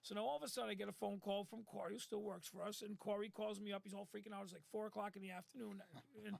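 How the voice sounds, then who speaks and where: A man's voice: high-pitched, steady tone, rapid-fire, gravelly. A man who owns a waste company, telling a rambling story in casual live-stream chat and acting out the people he quotes. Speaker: waste company owner, co-host.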